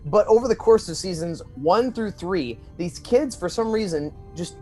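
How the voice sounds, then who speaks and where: Rambling male podcast co-host, casual and animated, faint music in the background. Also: high voice, normal speed. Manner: rambling, animated, acts out characters' lines in quotes.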